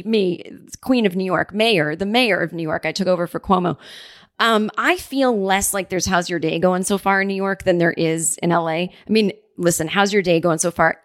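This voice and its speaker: A woman hosting her podcast from her apartment, telling stories in a chatty, animated way and acting out the people she quotes. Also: fairly low pitch, no room sound, clean studio sound. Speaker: podcast host. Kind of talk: casual solo storytelling. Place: home apartment.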